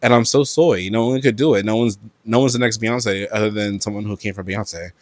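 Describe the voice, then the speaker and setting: Brooklyn guy running a solo podcast, cussing a lot, loud and animated, dry close sound. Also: on the low side, brisk, no echo. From Brooklyn, New York. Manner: profane, animated, loud outbursts and laughter. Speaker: podcast host. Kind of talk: solo casual podcast chat.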